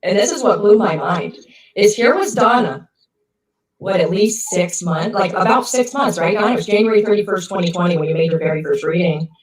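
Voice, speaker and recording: A woman's voice: on the low side, expressive, fairly quick, roomy sound, recorded from a distance, low-quality recording. A woman hosting an online show with a guest, speaking in an emphatic way.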